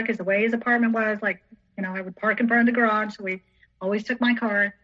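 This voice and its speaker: A woman's voice: mid-range voice, highs cut off. A woman telling a story as a podcast guest in casual, rambling speech full of "like" and "you know".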